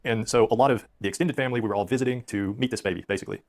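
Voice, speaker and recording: A man's voice: fairly low pitch, very fast, darkish tone. A man in his thirties telling rambling, self-deprecating stories about his own life in a casual way. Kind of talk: storytelling on a stream.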